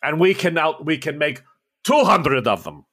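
A man's voice: a little high, big pitch swings, moderate pace, a bit bright, breathy edge, full character voice. A man voicing a boisterous Russian male officer with a Russian accent, jovial and grandiose.

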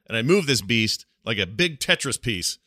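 A man's voice: medium pitch, sing-song, moderate pace, pushed and bright, no room sound, clean studio sound. A man in his thirties co-hosting a podcast, rambling and self-deprecating in casual chat. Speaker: podcast co-host.

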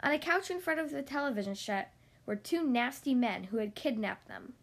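A woman reading a children's storybook aloud in a gentle, expressive manner. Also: sits high, normal speed.

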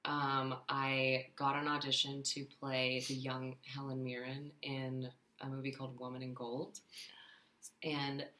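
Actress from Arkansas, female, very low pitch, bright tense tone, earnest chatty delivery; echoey room. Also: little pitch movement, measured pace. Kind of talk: casual podcast chat, telling an anecdote. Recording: roomy echo.

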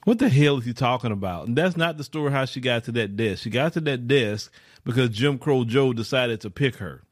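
A man's voice: medium pitch, brisk, no room sound, studio quality. A man hosting a casual reaction commentary, blunt and incredulous, stopping a clip to argue with it and firing repeated questions.

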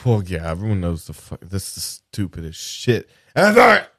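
A man co-hosting a podcast, chatting crudely and laughing loudly. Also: low-pitched, huge pitch swings, normal speed, breathy edge. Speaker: podcast co-host. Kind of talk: casual chat.

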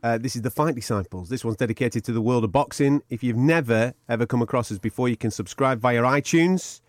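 Bloke hosting a podcast, teasing and swearing a lot, dry close mic. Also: male voice, mid-range voice, a little fast, dry recording. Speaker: podcast host. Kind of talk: casual banter.

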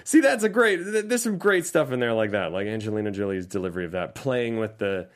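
A man's voice: on the low side, a little fast. A man co-hosting a casual movie review podcast, laughing often and acting out scenes in goofy voices. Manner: animated, laughs often, acts out lines in silly voices. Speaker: podcast co-host.

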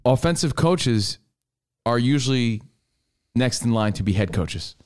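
A man's voice: medium pitch, expressive, a little slow, darkish tone. A man co-hosting a casual sports talk show, laying out his opinions emphatically. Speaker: radio co-host.

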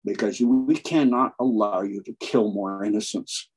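In a low-quality recording, a man with a fairly low, darkish, husky voice speaks at a moderate pace as a guest on online channels. His monologue is impassioned and preachy; he hammers his points home with emphasis and keeps acting out the people he quotes.

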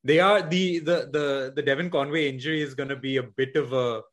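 A man's voice: medium pitch, fairly even intonation, a little fast, a bit bright. A man co-hosting a podcast in casual cricket chat, rambling with many restarts and hedges. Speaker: podcast co-host.

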